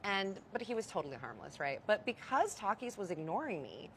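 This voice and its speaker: A woman's voice: mid-range voice, big pitch swings, a little fast, a bit bright, a little hiss or hum. A young adult woman candidly telling a personal story to her viewers, confiding and blunt, with mild swearing. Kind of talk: storytime vlog.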